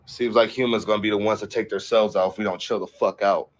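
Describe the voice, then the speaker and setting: A man's voice: fairly low pitch, steady tone, fast. A young man hosting a political livestream, casually cursing and rambling as he reads headlines aloud and riffs on them. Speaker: livestream host.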